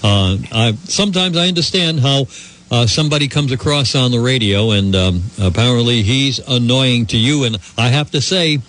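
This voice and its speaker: A man's voice: medium pitch, normal speed, a bit bright. A man hosting a call-in radio talk show, chatting and joking with lots of fillers.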